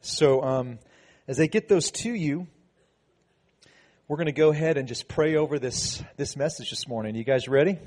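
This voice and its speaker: A man's voice: fairly high pitch, moderate pace, darkish tone. A man, a pastor, giving a sermon in a conversational, preaching way, with frequent restarts and emphatic passages.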